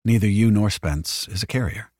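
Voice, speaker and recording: Calm precise android guy, deep and level, man reading it, dry sound. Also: dry recording, close to an everyday voice. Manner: measured, matter-of-fact.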